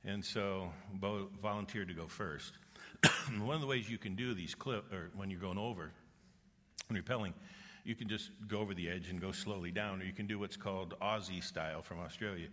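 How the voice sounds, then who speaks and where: A sharp-toned male voice that sits low comes from a middle-aged pastor preaching at normal speed. He earnestly tells stories, acting out their characters through quoted voices, and the church auditorium's large hall adds long reverb.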